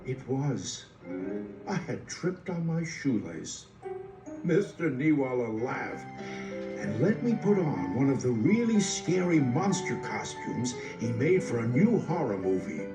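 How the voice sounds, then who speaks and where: Playful man reading a storybook aloud. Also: medium pitch. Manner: playful, teasing the listener. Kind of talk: expressive storybook read-aloud. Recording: roomy, distant sound with music.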